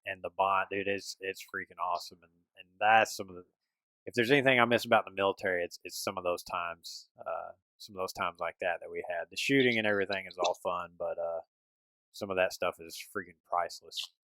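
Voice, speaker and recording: A man's voice: sits low, fairly even intonation, fairly quick, pushed and bright, no echo, rough recording. Laid-back man hosting a podcast. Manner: loose, laid-back with many restarts and "dude". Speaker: podcast host. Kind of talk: casual chat.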